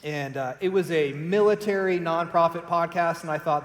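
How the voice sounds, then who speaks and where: A man giving a keynote talk at a conference, telling stories in an animated way and acting out the voices of people he quotes. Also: fairly high pitch, normal speed, few pauses. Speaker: conference speaker, company co-founder. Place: large conference hall. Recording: echoey hall, voice heard from a distance.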